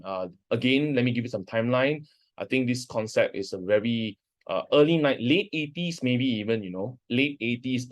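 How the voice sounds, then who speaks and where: A man giving a university lecture in a conversational way, often breaking off and restarting his sentences. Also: medium pitch.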